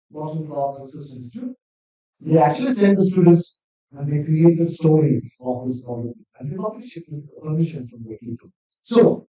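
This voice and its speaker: A man gives an earnest academic presentation, his mellow voice sitting a little high. He is recorded from far off in a large, echoing lecture hall. The sound is dull and muffled. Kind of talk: conference presentation. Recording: distant mic in echoey hall, dull sound.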